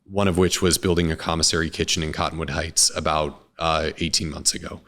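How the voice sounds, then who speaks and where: A man, a restaurant co-founder, talking casually in an interview, relaxed and rambling with many restarts. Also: very deep voice, brisk.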